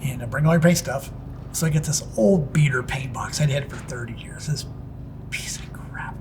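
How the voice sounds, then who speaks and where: A man's voice: medium pitch, moderate pace, noisy background. A middle-aged man who works as a pinstriping artist tells stories about his work in a casual interview, rambling and restarting with plenty of "it's like" asides.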